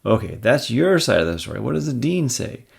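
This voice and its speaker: A man's voice: mid-range voice, sing-song, a little fast, vocal fry, husky, voice pushed up, full character voice. A man doing an earnest young college hero. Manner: earnest, quippy. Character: reasonable young male college student hero.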